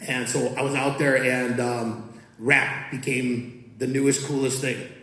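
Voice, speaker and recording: A man's voice: mid-range voice, unhurried. A man in his fifties, a coach and student teacher, reciting poetry and chatting casually with students in a school hall. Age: 50s. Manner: relaxed, conversational, rhythmic when reciting. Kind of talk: poetry reading and talk to students. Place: school auditorium or large classroom. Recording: echoey room.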